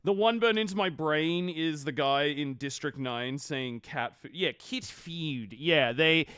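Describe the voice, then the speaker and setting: A man's voice: on the high side, a bit bright, clean tone, dry recording, studio quality. A man giving blunt, profane live-stream reaction commentary. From Australia. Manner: blunt, profane, quick to judge.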